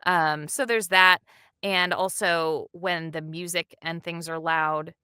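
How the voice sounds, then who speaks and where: Woman, dub director, animated interview chat, low voice, bright tone, dry close sound. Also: clear, resonant tone, no echo. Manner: animated and enthusiastic, quick asides and laughs.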